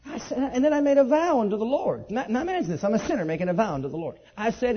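A man preaching a sermon and telling his own testimony, leaping from high excited outbursts to low quiet asides. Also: very fast, few pauses, breathy edge. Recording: dull lo-fi sermon recording.

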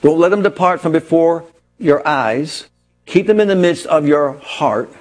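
A man's voice: on the high side, animated, a little slow, soft background music. A man preaching a sermon, retelling a scripture story dramatically and asking rhetorical questions. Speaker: pastor.

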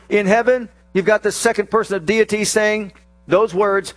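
A man preaching a sermon, acting out scripture scenes with slow emphasis and sudden rapid bursts. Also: high voice, steady tone, fairly bright tone, no echo, soft background music. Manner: dramatic, acts out quoted scripture voices, shifts between slow emphasis and rapid bursts.

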